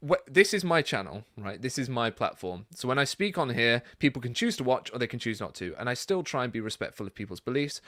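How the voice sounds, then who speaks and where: A man hosting a casual Q&A, reading out viewer comments and chatting about them in a relaxed, rambling way. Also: on the low side, dry recording, studio quality. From Britain. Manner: chatty and relaxed, many fillers and asides. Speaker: YouTube channel host.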